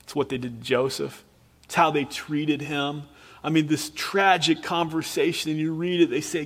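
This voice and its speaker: A man's voice: a little high, fairly even intonation, moderate pace, a bit bright, breathy edge, big-room sound. A man preacher in earnest, dramatic storytelling mode, retelling a scripture scene with emphatic repetition.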